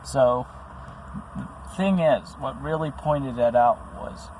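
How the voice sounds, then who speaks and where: A man's voice: mid-range voice, slow, darkish tone, slight background noise, poor audio. A man speaking about his own experiences in an earnest, rambling monologue, full of restarts and fillers. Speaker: vlogger. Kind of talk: personal monologue to camera.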